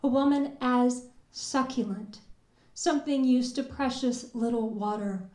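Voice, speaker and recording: A woman from recites her poetry at a very unhurried pace. She lingers on each word, and her voice sits slightly high. The recording rings with the echo of the room. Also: dark tone. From Kentucky. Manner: measured, deliberate, lingering on words. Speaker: poet. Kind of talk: spoken word poetry performance. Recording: echoey room.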